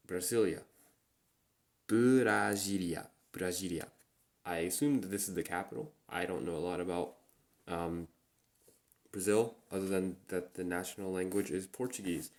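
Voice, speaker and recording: A man hosting a relaxed solo chat, slowly repeating Japanese words as he teaches them. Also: deep voice. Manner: relaxed, slow and repetitive when pronouncing words. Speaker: podcast host.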